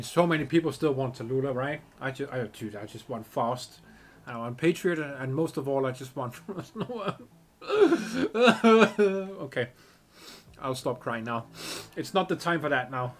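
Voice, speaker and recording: A man reading game dialogue aloud and reacting in casual, excitable commentary, swearing and laughing often. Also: medium pitch. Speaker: gameplay commentator.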